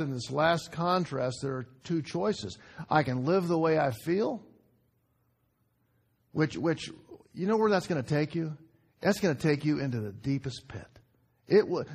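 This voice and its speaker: A man preaching a sermon, moving from loud urgent outbursts to quiet hushed emphasis, repeating phrases and asking the congregation questions. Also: mid-range voice, slightly rough. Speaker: pastor.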